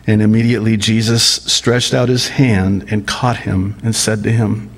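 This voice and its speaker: A man preaching a sermon as a pastor, taking his time over each phrase. His voice sits at an ordinary middle pitch, and it jumps up with emotion when he acts out the people in the story. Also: fairly even intonation, creaky. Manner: slow, deliberate preaching with dramatic voice rises on quoted lines.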